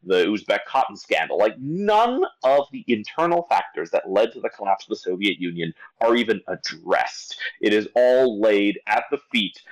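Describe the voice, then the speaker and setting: A man on a casual podcast, picking apart a film with mounting exasperation. His pitch leaps around lively as he restarts sentences mid-thought. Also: normal speed, few pauses, poor audio. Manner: animated, exasperated rant with many restarts. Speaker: podcast movie critic.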